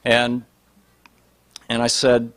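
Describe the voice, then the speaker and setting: Male storyteller, mid-pitched, rambling anecdote delivery with frequent restarts. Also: monotone, very slow, a bit bright, smooth. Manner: rambling with many restarts and fillers. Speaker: speaker telling an anecdote. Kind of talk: storytelling talk.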